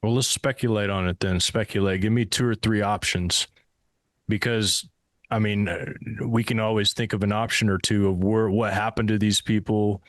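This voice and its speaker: A man's voice: on the low side, steady tone, moderate pace, dry recording. Rambling male interviewer, dry sound. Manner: rambling questions with restarts. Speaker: host interviewer. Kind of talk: interview conversation.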